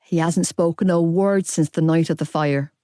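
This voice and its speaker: A calm, caring middle-aged woman in an audiobook, gentle and measured, as a female narrator reads her. The voice is mellow and dry. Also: on the low side, dry recording, pitched below the performer's own voice, close to an everyday voice. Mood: gentle concern.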